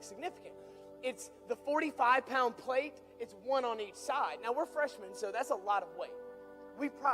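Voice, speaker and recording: A young man preaching through an animated personal story, building from quiet asides to excited shouts. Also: high-pitched. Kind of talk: storytelling sermon.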